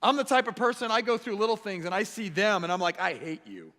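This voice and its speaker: A man preaching a sermon as pastor, animated and acting out the voices he quotes. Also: high-pitched, fast talker. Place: church sanctuary. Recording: echoey church hall.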